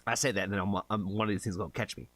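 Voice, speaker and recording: Excitable swearing male streamer. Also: fairly low pitch, very fast, no echo. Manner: excitable, swears often, chats with viewers. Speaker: music reaction streamer host. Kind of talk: casual live stream chat.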